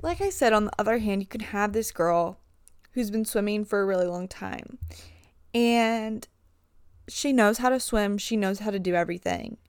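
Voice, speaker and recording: A woman's voice: mid-range voice, moderate pace, smooth, dry recording, studio quality. A young woman hosting a casual podcast monologue as a swim coach, chatty and full of "like" fillers.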